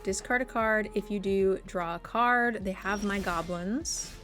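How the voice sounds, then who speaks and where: A woman's voice: medium pitch, unhurried, fairly bright tone, soft background music. A woman streamer giving gameplay commentary, thinking aloud and playfully exasperated as she plays.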